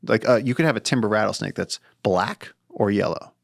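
Gravelly low-voiced man telling stories. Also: brisk, dry recording, studio quality. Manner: animated storyteller acting out quotes, swears casually. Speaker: podcast guest, wildlife conservationist. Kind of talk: casual storytelling chat.

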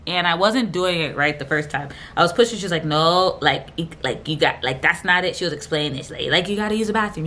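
A woman's voice: low voice, pushed and bright, a little hiss or hum. A young woman vlogger telling a personal story to camera in a casual, rambling way with lots of fillers. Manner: fast, rambling, lots of fillers and quoted dialogue.

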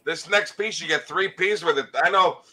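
An enthusiastic male dealer pitching comic art pieces on a live stream. His voice is fairly high for a man and has a bright, crisp edge. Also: moderate pace, low-quality recording. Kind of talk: sales pitch.

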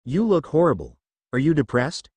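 A man's voice: a little high, sing-song, normal speed, darkish tone, slightly rough, dry recording. Brash blunt ninja kid, guy voicing him, grumbly, bouncy voice.

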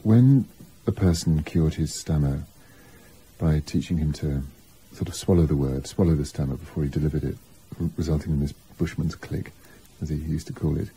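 A biographer talking reflectively in an interview, thinking aloud with asides and restarts. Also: male voice, extremely low pitch, warm tone, breathy edge, low-quality recording.

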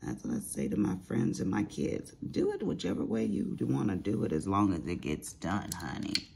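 A woman's voice: rumbling low, wildly swooping pitch, moderate pace, vocal fry, a little mellow, breathy edge. A middle-aged woman chatting casually while crafting at home, telling sassy stories with big swings in her voice. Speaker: crafting vlogger.

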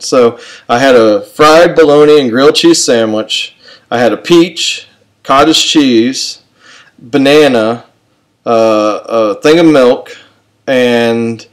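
A man's voice: mid-range voice, low-quality recording. Guy telling a self-deprecating story, lots of uh and so, just chatting it out. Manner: rambling, self-mocking, with frequent fillers and restarts. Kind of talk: personal anecdote told to an audience.

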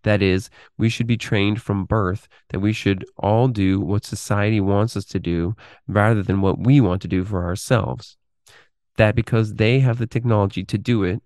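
A man with a very low voice reads a text aloud at a measured pace, then drifts into loose commentary with plenty of ums and uhs. The recording is dry and close, with no room sound. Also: a little mellow, no room sound. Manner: deliberate reading, halting with fillers when speaking freely. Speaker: podcast host.

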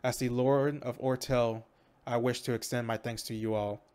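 A man's voice: mid-range voice, fairly even intonation, moderate pace, a little mellow, lightly acted. A man reading a rallying noble lord. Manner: read-aloud, formal, rallying. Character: male noble lord, hearty and commanding. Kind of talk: reading game dialogue aloud.

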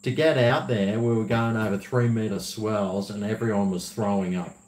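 A man's voice: fairly low pitch, fairly even intonation, moderate pace, a little mellow. Chatty man, echoey room. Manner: rambling, chatty, laughs often. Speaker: livestream host. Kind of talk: casual livestream chat, reading viewer messages. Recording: roomy echo.

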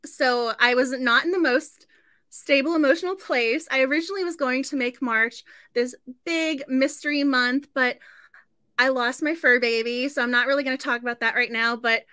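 Bright high-voiced chatty woman host. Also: normal speed, no echo, studio quality. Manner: chatty and effusive, laughs often. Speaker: book club host. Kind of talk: casual live-stream chat.

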